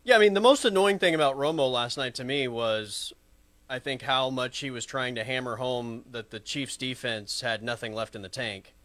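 A man co-hosting a sports talk show, casual and wry, with quick short reactions. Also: mid-range voice, fairly bright tone, dry recording.

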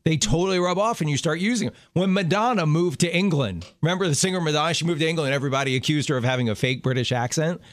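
A middle-aged man co-hosting a talk show, chatting casually and telling stories with quick laughs. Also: fairly high pitch. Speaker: radio show co-host. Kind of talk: casual chat.

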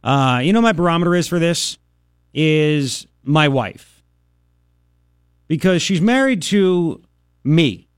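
Sarcastic radio guy ranting, high voice, bounces all over, dry studio sound. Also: slow, pauses often, smooth, no room sound. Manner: animated, sarcastic, mocking impressions. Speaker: radio talk show host. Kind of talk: opinionated talk radio monologue.

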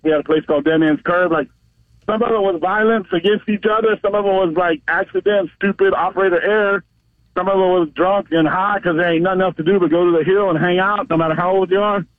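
Man caller, phone line, talking from a car on the highway, rambling storyteller, high voice, quick pace. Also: no echo. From Florida. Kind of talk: casual phone call to a radio show. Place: in a vehicle on the highway. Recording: tinny dry phone line.

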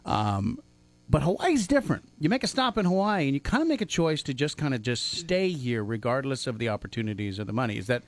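Excitable man co-hosting a chat show. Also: mid-range voice, a little fast, dry recording. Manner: rambling, excitable questions. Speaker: co-host, radio DJ. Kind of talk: casual podcast chat.

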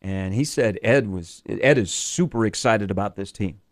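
A man's voice: on the low side, moderate pace. A male sports radio host chats loosely, rambling through his points with frequent filler words. His talk is casual and unscripted.

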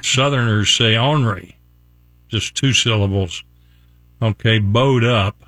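On a laid-back morning radio program, an older man from West Virginia reads out examples with folksy chuckles. He talks a little slowly in a lowish, fairly bright voice, recorded on a studio mic without echo.

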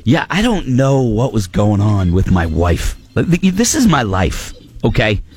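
Animated man telling a story on the radio. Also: fairly low pitch, measured pace, slightly rough. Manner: animated storytelling, laughing often, acting out his wife's lines. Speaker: radio show host. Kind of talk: morning radio banter.

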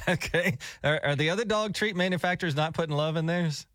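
A young adult man co-hosting morning radio, chatty and quick to laugh, speaking into a studio microphone. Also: on the high side, fairly bright tone, dry recording. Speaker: radio show co-host.

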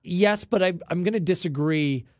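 A male sports show host with a fairly high voice breaks down the match in a lively, upbeat way. The sound is dry and close, with no room around it. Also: normal speed, dry recording. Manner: enthusiastic, upbeat. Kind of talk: studio sports analysis chat.

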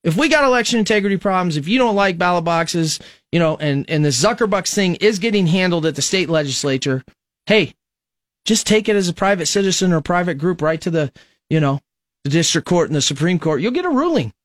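A man's voice: high-pitched, expressive, fairly quick, dry recording, clean studio sound. A male radio talk show host from Nebraska, giving a rambling, conversational political monologue full of fillers.

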